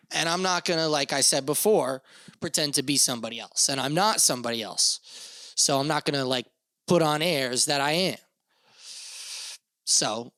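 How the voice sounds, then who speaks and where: A man's voice: mid-range voice, bright, forceful tone, no echo. A young man hosting a solo podcast, rambling casually with lots of fillers and swearing. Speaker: podcast host.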